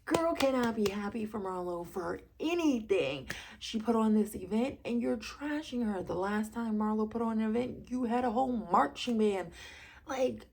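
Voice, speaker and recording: A woman chatting casually as she reviews a reality show, sassy and gossipy with animated asides. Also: fairly high pitch, normal speed, vocal fry, a little hiss or hum.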